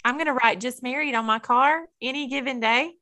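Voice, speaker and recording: A woman's voice: high voice, a little fast, bright, forceful tone. A woman co-hosting a podcast, joking in casual chat and reading out listener questions. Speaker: podcast co-host, school counselor.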